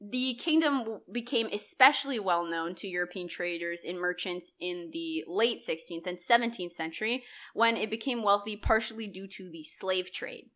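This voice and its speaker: A woman's voice: mid-range voice, moderate pace, hardly any pauses. A young woman co-hosting a podcast, casually telling history with lots of likes and ums. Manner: lively, chatty, many likes and ums, laughs often. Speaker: podcast co-host presenting history. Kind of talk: casual conversational history chat.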